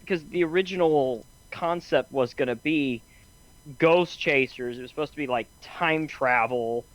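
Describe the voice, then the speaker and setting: A man's voice: a little high, a little slow, rough recording. A man co-hosting a casual chat, easygoing and enthusiastic as he muses. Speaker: podcast co-host.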